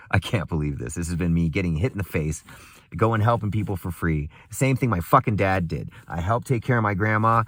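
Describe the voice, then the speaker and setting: A man's voice: deep voice, very animated, moderate pace, fairly bright tone, husky, dry recording. A young man in a casual, angry, profane rant, laughing bitterly and swinging between muttering and a raised voice.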